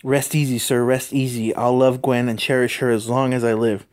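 A man's voice: medium pitch, flat delivery, normal speed, darkish tone, lightly acted. A man voicing a young male superhero who strains and pleads in a raised voice. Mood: grieving.

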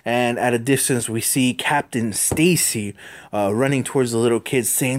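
A man reading a comic book aloud in a relaxed, informal way. He talks in halting bursts, repeating words and restarting his sentences. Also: medium pitch. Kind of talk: casual comic read-aloud.

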